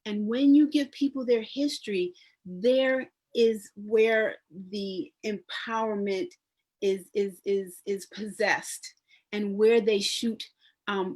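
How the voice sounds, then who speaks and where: A woman, a public historian and genealogist speaking on a community panel, talking conversationally with frequent restarts and lively storytelling. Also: medium pitch. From New York. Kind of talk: panel discussion.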